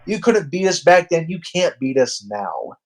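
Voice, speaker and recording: A man's voice: a little high, big pitch swings, measured pace. A man doing cocky tag-team wrestlers.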